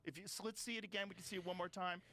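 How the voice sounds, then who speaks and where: A man's voice: sits high, steady tone, very fast, sharp tone, slight background noise. A man talking animatedly and profanely as a podcast host in casual chat.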